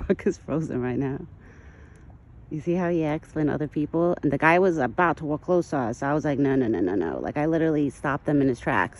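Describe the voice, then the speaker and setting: A woman talking casually to her phone camera outdoors while feeding a wild deer, switching to a high soothing coaxing tone for the animal. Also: expressive, fairly quick, darkish tone, slight background noise. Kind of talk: casual outdoor vlog narration.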